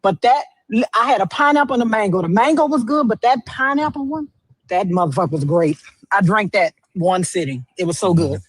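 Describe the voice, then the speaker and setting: A woman on a live chat, animated and swearing freely as she tells a story. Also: medium pitch, fairly quick, husky, dry recording, poor audio. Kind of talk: casual chat.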